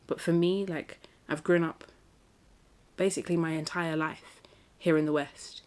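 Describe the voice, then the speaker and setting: A young woman hosts her own podcast, thinking aloud in a loose, conversational way full of little fillers. Her voice sits low in pitch. She grew up in England. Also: steady tone, a little slow, darkish tone. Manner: reflective, chatty, many fillers. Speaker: podcast host. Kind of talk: casual solo podcast talk.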